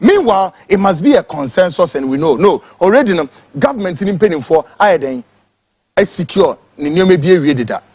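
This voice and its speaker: A man's voice: sits high, sing-song, brisk, a little mellow, husky, dry recording. A Ghanaian man giving an angry, impassioned political rant, switching between English and Twi. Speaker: political commentator.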